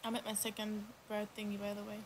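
Talking fast in a flat, medium-pitched voice, a young female livestream co-host chats casually in English and thinks aloud. She rambles hesitantly, restarting sentences and stumbling over ums, with a faint hiss beneath her voice.

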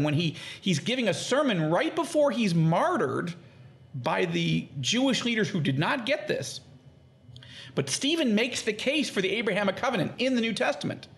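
A gravelly male voice that sits high, at a moderate pace, comes from a podcast guest teaching on the Bible in conversation. He's animated, performing quoted speech in lively tones.

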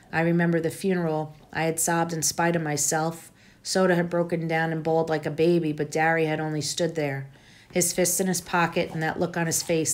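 Woman teacher reading a novel aloud. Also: sits low.

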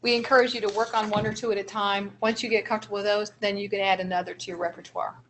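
A woman's voice: mid-range voice, flat delivery, very fast, a bit bright, a little hiss or hum. A woman presenting a training seminar for early childhood educators, explaining strategies with step-by-step examples in an encouraging manner.

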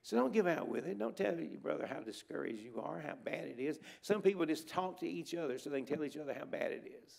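Gravelly, exhorting man preaching. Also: a little high, animated, quick pace, few pauses, darkish tone. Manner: exhorting, repeats words for emphasis. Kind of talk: emphatic revival sermon. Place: church sanctuary at a conference.

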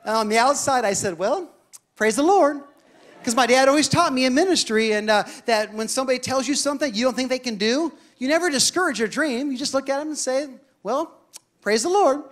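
A male pastor telling a story in a sermon, animated and building to shouted declarations. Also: extremely high pitch, quick pace, few pauses.

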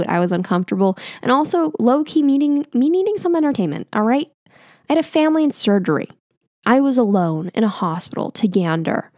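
Young woman podcast host, gravelly fry, dry close sound, chatty storyteller who swears. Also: mid-range voice, a little mellow, no room sound. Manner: chatty, swears, many fillers and restarts. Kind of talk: casual storytelling.

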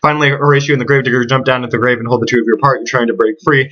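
A man's voice: mid-range voice, level tone, very fast, few pauses, a bit bright. A man racing through a choose-your-path book aloud, stumbling over words and correcting himself as he goes. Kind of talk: fast read-aloud with asides. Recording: dull lo-fi home recording.

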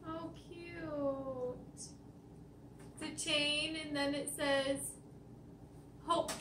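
A young woman vlogging from home, soft-spoken and giggly. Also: high-pitched, fairly even intonation, very slow, background noise. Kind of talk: casual chat. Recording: distant echoey mic with music.

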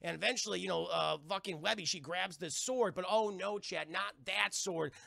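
A man's voice: high voice, normal speed, vocal fry, bright, forceful tone, no room sound, clean studio sound. A young man streaming a cartoon review, recapping the episode in rambling, profane casual chat to his viewers. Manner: rambling and profane, addresses chat, lots of fillers.

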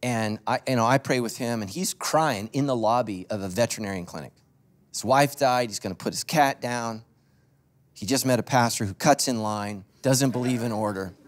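A medium-pitched man speaking at a moderate pace preaches as a pastor from a church stage. His sermon is loose and conversational, full of funny stories told straight to the congregation.

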